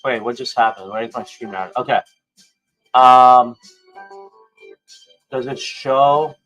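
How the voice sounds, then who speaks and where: A man hosting a casual livestream, excitable and prone to swearing, swinging between hyped outbursts and low mumbling. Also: takes it slowly, dull audio, faint music behind. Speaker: livestream host.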